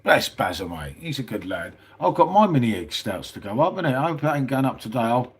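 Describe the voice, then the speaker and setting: A man's voice: medium pitch, big pitch swings, a little fast, husky. A middle-aged man, chatting casually on a live stream, reading out viewer comments and calling everyone mate. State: tired. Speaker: livestream host.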